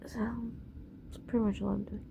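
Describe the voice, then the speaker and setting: A woman's voice: mid-range voice, little pitch movement, brisk, gravelly, muffled recording, noisy background. A woman vlogging casually at night from her bed, talking sleepily and often in a whisper. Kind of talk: casual late-night vlog. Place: bedroom, in bed under blankets.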